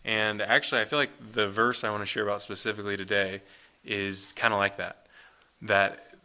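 A man's voice: on the low side, steady tone, normal speed, pushed and bright. Casual man preaching a sermon. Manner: casual conversational preaching with fillers. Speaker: pastor.

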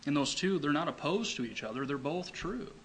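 A man preaching a sermon, emphatic, repeating key phrases and slowing down to read scripture. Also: fairly high pitch, animated, a little hiss or hum, poor audio.

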